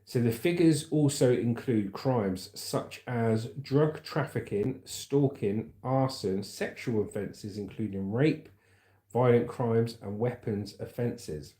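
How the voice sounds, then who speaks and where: A man with a southern English accent reads news stories aloud and keeps breaking off to chat casually with his viewers. His voice sits at a middle pitch. The sound carries the echo of a roomy space. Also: slow pace, mellow. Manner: casual, chatty asides, calls viewers mate. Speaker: livestream host.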